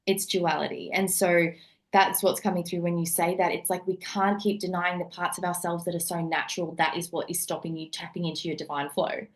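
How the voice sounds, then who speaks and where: A woman's voice: lowish voice, level tone, fairly quick. A woman neuropsychologist and coach, a podcast guest, speaking earnestly and repeating phrases for emphasis. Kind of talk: podcast conversation.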